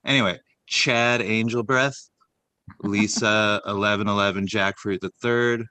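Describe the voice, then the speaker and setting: A man co-hosting a casual comedy chat, rambling and deadpan as he reads out a long list of silly names with lots of fillers. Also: on the low side, unhurried, dry recording. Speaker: comedy podcast co-host.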